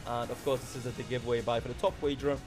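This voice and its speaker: A young man commentating his slot gambling session, shouting excitedly as wins land. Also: medium pitch, racing, over music. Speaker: slot streamer.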